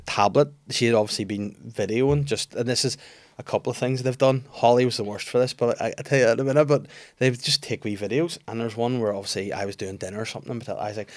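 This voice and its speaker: A man, a guest comedian chatting casually on a podcast and acting out his children's lines in animated stories. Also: medium pitch, fast, no room sound. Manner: animated storytelling, acts out his kids' voices.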